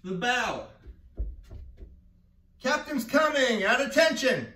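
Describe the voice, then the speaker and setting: High-voiced playful PE coach. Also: male voice, animated, measured pace. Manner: playful, shouts commands. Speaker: PE teacher. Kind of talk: leading a gym class game. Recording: echoey room, mic far off.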